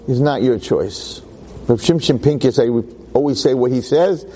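A man's voice: mid-range voice, a little slow, slight background noise, rough recording. A middle-aged man, a rabbi telling stories in a Torah talk to a class of girls, acting out the voices. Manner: animated, acts out voices in stories.

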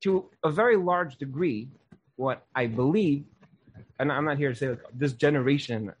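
A man's voice: mid-range voice, normal speed, slight background noise. A young man teaching a Torah class in an earnest, casual way, often saying "like". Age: young adult.

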